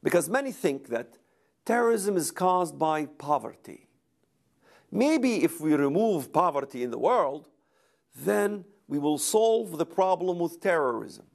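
A man lecturing to a camera in an emphatic, rhetorical way, often hammering a word again and again. His voice sits a bit high, swings widely in pitch, and carries a gravelly rasp. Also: very animated, measured pace. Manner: emphatic, repeats words for rhetorical effect. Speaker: speaker. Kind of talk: lecture recorded for video.

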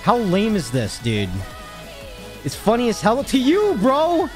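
A young man talks casually on a livestream, his voice high and lively, leaping up and down as he rants. He swears freely and sounds exasperated with his chat. Faint music plays underneath. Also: measured pace. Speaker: streamer.

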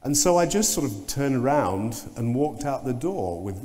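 A man giving a conference keynote talk, telling anecdotes in an animated way and mimicking sounds and voices. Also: medium pitch, moderate pace. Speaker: keynote speaker. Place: large conference hall. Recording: long reverb of a conference hall.

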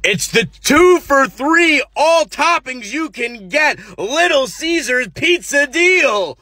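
A man playing a hushed angel in a white suit. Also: expressive, slow pace, no echo, heavily acted. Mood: salesy shouting. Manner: hushed and solemn, then loud salesy pitch.

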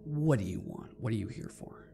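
A man's voice: medium pitch, lively intonation, normal speed, creaky, mellow. A man putting on a brash, sneering cat leader. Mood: snappish. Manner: curt, sneering. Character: brash male cat leader in white fur, spoiling for a fight.

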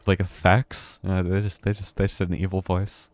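Live-streaming a horror game, a man with a somewhat low voice keeps up a chatty, casual running commentary, reacting aloud to every turn. He seems to be using a desk mic at home, speaking flatly at a moderate pace with no echo.

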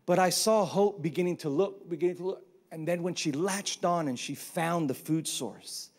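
Animated pastor with a raised pitch. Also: male voice, normal speed. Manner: animated, humorous storytelling. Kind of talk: sermon.

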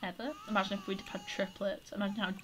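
In a casual let's-play, a woman who makes gaming videos on YouTube talks through a life-simulation game, chatty and flustered and telling off her characters. Her voice is medium in pitch at a moderate pace, and background noise can be heard.

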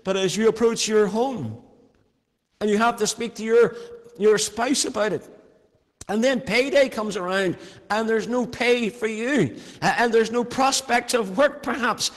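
Male preacher, high voice, earnest storyteller, long hall reverb. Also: unhurried. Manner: earnest, storytelling, varied emphasis. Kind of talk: sermon with personal story.

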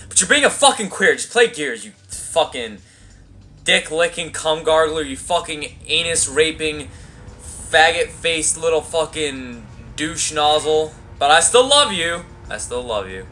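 Lively, bright-voiced profane young gamer. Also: male voice, fairly high pitch, slight background noise. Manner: profane, rambling, crude trash talk. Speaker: gameplay commentator. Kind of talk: let's play commentary.

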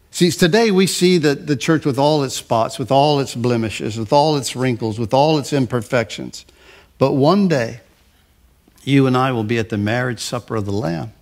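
An older male pastor delivers a sermon with a gravelly, creaky edge to his mid-pitched voice. He talks conversationally, stumbling over and repeating words, and he slows down to lean on repeated phrases. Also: darkish tone. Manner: stresses phrases in slow repeated lists.

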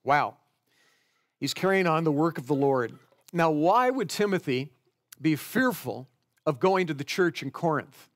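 Higher-voiced man preaching conversationally. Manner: conversational, explains scripture verse by verse. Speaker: pastor. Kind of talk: sermon.

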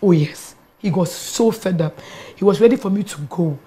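A pastor and guest, a middle-aged woman with a Ghanaian accent, gives her personal testimony at normal speed and medium pitch. She tells it in a lively storytelling style, mixing English with Twi.

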